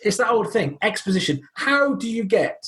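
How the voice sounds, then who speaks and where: Guy cohosting, pitch jumps all over, casual chat quoting movie lines. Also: moderate pace, background noise. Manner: lively, quotes film lines. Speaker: podcast co-host.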